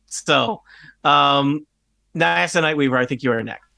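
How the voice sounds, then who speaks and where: A man narrating a tabletop game as game master, relaxed and hesitant, with many fillers. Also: on the high side, unhurried, creaky, no echo.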